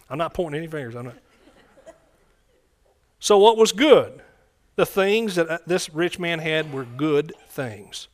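A man's voice: a little high, normal speed. A man preaching a sermon in a conversational way, often repeating phrases and asking the congregation questions.

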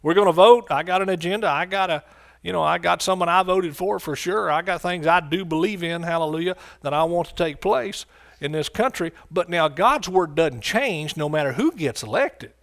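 A man's voice: sits high, moderate pace, vocal fry, a bit bright. A man from the United States preaching a sermon, emphatic, repeating his phrases and calling out to his listeners.

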